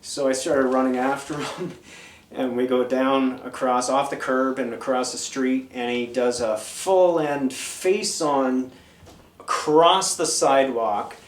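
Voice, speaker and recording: In casual interview storytelling, a fifties-aged guest wanders through anecdotes and lists old band names. His mid-range voice stays fairly even and unhurried, picked up far from the mic in a roomy-sounding space.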